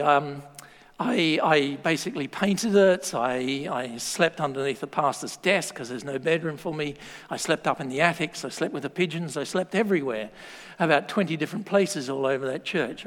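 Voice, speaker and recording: An Australian man preaching a sermon, telling stories in a lively, joking way. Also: on the high side. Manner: lively storytelling with laughs and asides. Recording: long hall reverb.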